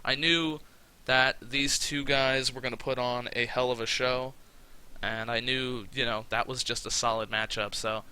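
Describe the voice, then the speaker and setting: A man narrating a game in casual let's-play style. His voice is very bright and forward. He talks in an excitable, profane way. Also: medium pitch, unhurried, clear, resonant tone, poor audio. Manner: excitable and profane, with frequent fillers. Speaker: game commentator.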